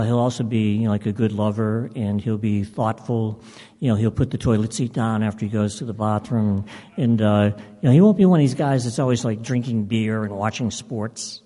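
A man voicing an excited, chatty woman on vacation who rambles eagerly. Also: on the low side, natural voice. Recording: long hall reverb.

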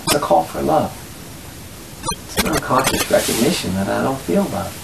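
Lively spiritual teacher leading a group lesson, laughs a lot, acts out voices, roomy echo, steady hiss behind. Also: medium pitch, normal speed, creaky.

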